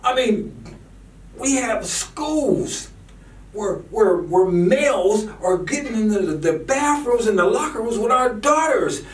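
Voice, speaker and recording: A man's voice: high voice, big pitch swings, slow pace, recorded from a distance. A man ranting fervently in a preachy style, often repeating words when worked up. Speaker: commentator. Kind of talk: impassioned political rant. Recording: echoey room, voice from off-mic.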